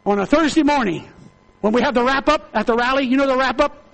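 A man's voice: very high voice, quick pace, gravelly, a bit bright. A middle-aged man, a prison minister, telling a testimony sermon with fervent, emotional storytelling and repeated phrases.

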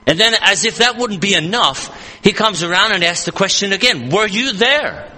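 A man's voice: high voice, fairly quick, sharp tone, big-room sound. A man preaching a sermon at an evening church service, earnest and emphatic, repeating and rephrasing his points as he reads scripture aloud.

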